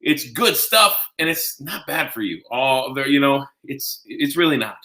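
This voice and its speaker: A man's voice: mid-range voice, animated, a little slow, bright, forceful tone, echoey room. A man hosting a casual live cooking show, chatting directly to viewers in a folksy, easygoing way. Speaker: home cooking show host.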